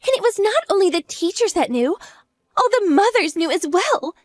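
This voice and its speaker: A woman's voice: very high-pitched, sing-song, moderate pace, no echo. A woman voicing a jealous mistress in an audio drama, shrieking accusations and close to tears. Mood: furious. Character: shrill jealous mistress, young adult woman, furious.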